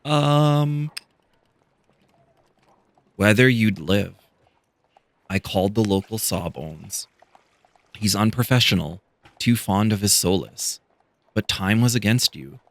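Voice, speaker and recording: A man reading as a gentle old-world priest. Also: fairly low pitch, lively intonation, slow, pauses often, no room sound. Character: kindly male priest, gentle healer. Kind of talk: reading game dialogue aloud.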